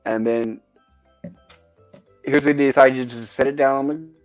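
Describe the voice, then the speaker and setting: A man's voice: medium pitch, steady tone, measured pace, faint music behind. A man hosting a casual commentary on an old TV episode, describing the scenes and reading quoted lines aloud. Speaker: show host.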